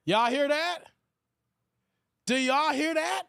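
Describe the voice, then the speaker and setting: A man commentates over a video for his viewers, slangy and scolding. His voice sits high and jumps around a lot. The sound is dry and close. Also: measured pace, gravelly, pauses often, no echo. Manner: animated, talks to the chat in slang, mocking asides. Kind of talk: livestream reaction commentary.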